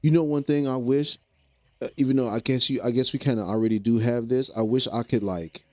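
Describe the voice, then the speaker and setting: A man's voice: medium pitch, steady tone, a little fast, no echo, highs cut off. A man from the American Midwest chatting casually with viewers on a livestream, laid-back and rambling, often repeating himself. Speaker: streamer.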